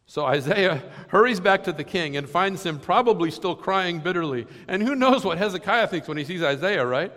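A man pastor giving a sermon, earnest and questioning, often sinking to soft, low passages. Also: lively intonation, normal speed. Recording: long hall reverb.

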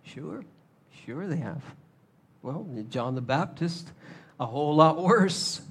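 A man preaching a sermon, animated, acting out little scenes in shifting voices. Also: a little high, takes it slowly, a little hiss or hum. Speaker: pastor.

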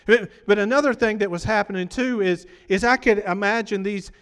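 High-voiced preacher in a reverberant hall. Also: male voice, brisk, fairly bright tone, clean tone. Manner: conversational, questions the congregation. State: voice worn from preaching. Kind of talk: sermon.

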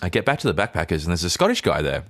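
A man telling a story in a casual podcast chat, animated, often repeating words as he gets excited. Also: deep voice, racing, no room sound, clean studio sound. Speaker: podcast co-host.

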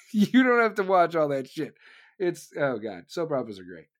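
Man, show host, profane rant, mocking, slightly high voice. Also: normal speed. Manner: loud, animated, heavy swearing, mocking voices. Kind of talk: profane rant on a talk stream.

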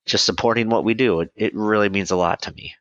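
Male comedy co-host, low and unhurried, exasperated mock-pleading delivery, dull lo-fi sound. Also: a bit bright, no echo. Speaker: podcast co-host. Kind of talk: comedic podcast banter.

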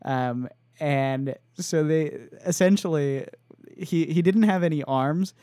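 A man's voice: a little high, dark tone, no echo, studio quality. A young man co-hosting a podcast, chatting casually and rambling through a story with restarts. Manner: rambling with restarts and quick laughs. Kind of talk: casual chat.

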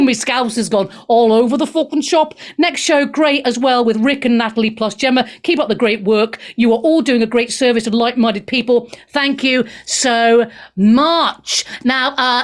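A woman's voice: fairly high pitch, normal speed, hardly any pauses. A woman hosting a talk show, reading out listener emails and taking calls in a cheeky, breezy way that slips into swearing.

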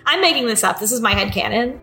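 Bright-voiced woman casually recapping a game. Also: fairly high pitch, animated, quick pace, faint music behind. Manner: laughing, loose recapping with swearing. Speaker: podcast co-host.

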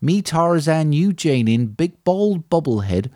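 A man putting on a disguised voice of a gruff male movie tough guy insulting someone. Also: fairly high pitch, sing-song, measured pace, a little mellow, no room sound, clean studio sound, pitched above the performer's own voice. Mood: mocking. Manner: disguised impression, mocking.

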